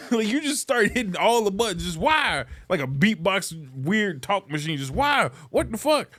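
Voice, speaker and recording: Animated, profane man ranting. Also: high voice, moderate pace. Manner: profane, exasperated, animated complaining. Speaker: podcast host. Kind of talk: casual comedic rant.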